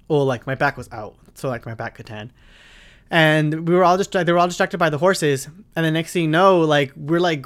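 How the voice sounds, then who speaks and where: A man's voice: a little high, a bit bright. A young man from Arizona, a podcast host telling a funny story in a rambling, profane, dramatic way. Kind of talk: casual storytelling.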